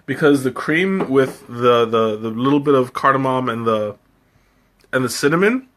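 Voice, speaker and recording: His mid-range voice is a bit bright, with lively intonation and a normal pace. He's a man hosting a tea tasting live, casually chatting with viewers, answering their comments, laughing frequently and thinking out loud.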